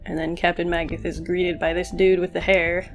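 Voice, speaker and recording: A woman's voice: on the low side, little pitch movement, moderate pace, faint music behind. A young woman reviewing a comic chapter, reading it aloud with casual, sarcastic commentary. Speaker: manga reviewer.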